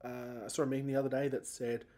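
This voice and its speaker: A man's voice: mid-range voice, flat delivery, fast talker, dark tone. A man in his thirties hosting a solo podcast, rambling and self-mocking, his voice cracking upward when he gets emotional. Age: 30s. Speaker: podcast host.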